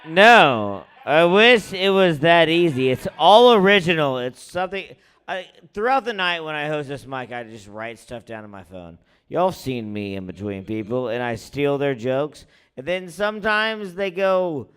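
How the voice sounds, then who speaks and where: Animated man hosting stand-up. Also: a little high, clean tone. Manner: rambling, animated, quick asides. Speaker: open mic host. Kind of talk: stand-up comedy.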